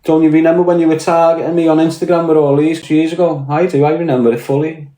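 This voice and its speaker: A man's voice: fairly high pitch, little pitch movement, quick pace, mellow. A man with a Scouse accent from Liverpool, ranting bluntly and swearing on a casual livestream, tired after hours on air. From Liverpool, England. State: mentally tired. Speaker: live streamer. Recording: roomy echo.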